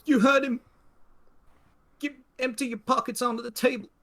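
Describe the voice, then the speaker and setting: A man's voice: fairly even intonation, normal speed, exaggerated voice. A man doing a jittery teenage outlaw. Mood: shaky. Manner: shaky, high-strung shouting. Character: nervous skinny teenage male outlaw.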